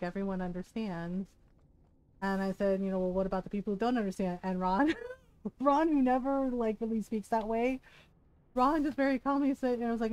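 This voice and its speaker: A woman's voice: medium pitch, dark tone, rough recording. Candid, chatty woman streamer. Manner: candid and chatty, retelling conversations with laughter. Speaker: game streamer. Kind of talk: casual chat to a live stream audience.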